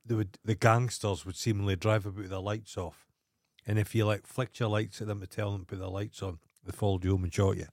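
A man's voice: lowish voice, little pitch movement, brisk, no room sound, studio quality. A Scottish man co-hosting a podcast, chatting casually with blunt, wry remarks. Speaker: podcast co-host. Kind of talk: casual chat. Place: studio.

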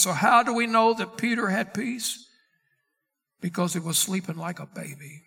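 A man preaching a verse-by-verse Bible sermon as pastor, reading scripture aloud slowly and calling out questions to the congregation. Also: sits high, vocal fry, pushed and bright, breathy edge. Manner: calls out to the congregation.

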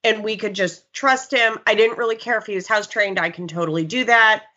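A woman who works as a dog trainer, chatting casually and telling stories in an animated way. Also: mid-range voice, fairly quick. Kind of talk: casual podcast chat. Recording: slightly dull lo-fi sound.

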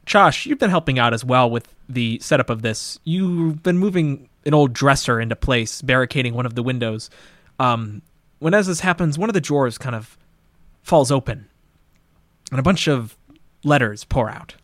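A man's voice: mid-range voice, normal speed, a bit bright, no room sound. Male game master, playful narration, mid voice, dry sound.

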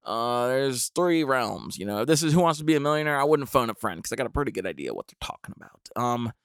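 Man, young, wry comic storyteller, gravelly, dry close mic. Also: mid-range voice, big pitch swings, quick pace, a bit bright, no echo. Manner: rambling, wry, self-deprecating asides. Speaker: comedian. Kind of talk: storytelling comedy monologue.

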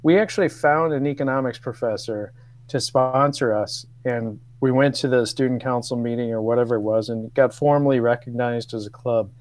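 A man in his fifties, a guest on a radio show, telling old stories with laughs and halting restarts. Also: medium pitch, darkish tone, no echo. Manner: storytelling, laughs often, hesitant restarts. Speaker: guest, former radio co-producer. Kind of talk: casual radio chat.

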